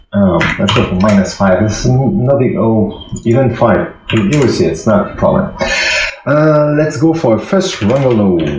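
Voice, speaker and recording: A man with a French accent, a non-native speaker, walks through a software tutorial, hesitant and full of fillers, recorded on a phone microphone. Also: slight background noise. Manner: hesitant, many fillers, talks through steps. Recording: echoey room, low-quality phone mic, soft music.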